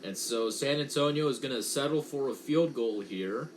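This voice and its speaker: A man's voice: medium pitch, moderate pace, a little hiss or hum. A young man giving casual, unpolished play-by-play commentary on a football game from home, correcting himself and chatting between plays. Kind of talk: casual watch-along commentary.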